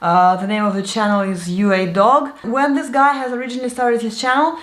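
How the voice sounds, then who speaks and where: A woman's voice: on the high side, steady tone, a little fast. A woman from Siberia, chatting candidly about products she liked in a casual vlog. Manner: chatty, candid, laughs often. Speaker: vlogger. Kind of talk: casual product review chat. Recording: echoey room.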